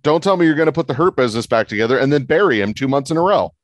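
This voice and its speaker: A man's voice: very fast, no echo. Emphatic man arguing his point. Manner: emphatic, argumentative, lively pitch swings. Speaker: podcast co-host. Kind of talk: casual wrestling podcast chat.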